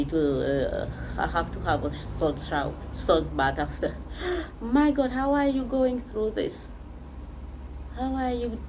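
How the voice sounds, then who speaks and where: A woman's voice: deep voice, background noise. A woman giving a spiritual tarot reading, speaking straight to the viewer and repeating phrases for emphasis. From Seychelles. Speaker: tarot reader.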